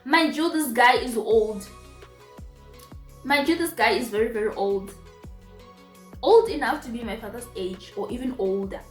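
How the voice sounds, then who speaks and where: Animated Zimbabwean woman, echoey room. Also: on the high side, normal speed, pauses often. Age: young adult. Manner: animated, emphatic repetitions. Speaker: vlogger. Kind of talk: casual storytime. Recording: roomy echo, faint music.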